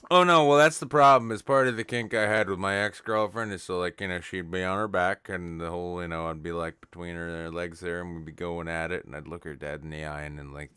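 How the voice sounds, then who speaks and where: A man co-hosting a podcast, rambling through crude jokes with deadpan, self-mocking asides. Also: sits low, brisk, clean tone, no echo, studio quality. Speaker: podcast co-host. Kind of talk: crude comedic banter. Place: studio, live stream.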